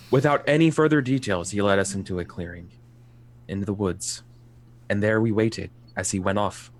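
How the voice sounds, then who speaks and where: A man's voice: on the low side, lightly acted. A man playing an earnest, pleading young knight. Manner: earnest, halting and rambling. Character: young male knight pleading his loyalty.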